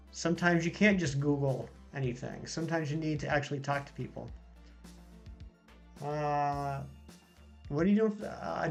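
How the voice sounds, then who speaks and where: A man hosting a casual live stream, chatting and bantering while reading viewer comments aloud. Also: on the high side.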